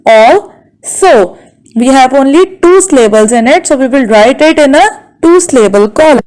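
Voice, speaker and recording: Woman, Bangladeshi English accent, high-pitched; patient teacher who drills words syllable by syllable. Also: a little mellow, rough recording. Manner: slow, carefully sounds out words syllable by syllable. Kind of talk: classroom lesson.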